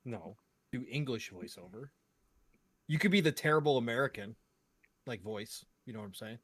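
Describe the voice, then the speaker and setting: A man's voice: medium pitch, expressive, normal speed, no room sound. A man co-hosting a casual podcast, teasing with short, dry replies. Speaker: podcast co-host.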